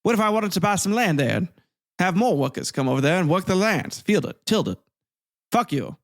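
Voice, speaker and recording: A man's voice: high voice, lively intonation, a little fast, voice pushed up. A man voicing an indignant Southern slaveholder who blusters and swears.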